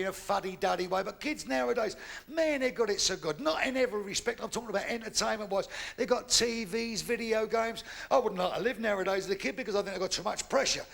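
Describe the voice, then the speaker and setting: An older man doing stand-up comedy, a loud, swearing storyteller. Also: high-pitched, gravelly.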